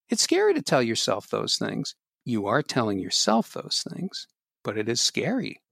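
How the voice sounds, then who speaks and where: A man co-hosting a parenting podcast, talking in an animated way and thinking aloud. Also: mid-range voice, moderate pace, gravelly, dry recording, clean studio sound. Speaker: podcast co-host.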